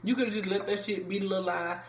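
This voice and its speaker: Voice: medium pitch, fairly even intonation, fast. A reviewer recapping a reality TV episode in loose, profane, chatty slang with lots of fillers. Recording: echoey room with faint background noise.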